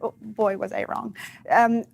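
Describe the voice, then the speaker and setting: A woman's voice: mid-range voice, level tone, a little slow, creaky, a little mellow, slight background noise. A woman with a Russian accent, a guest actress and comedian, chatting casually in an interview and telling stories with frequent laughter. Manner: chatty storytelling, laughing often.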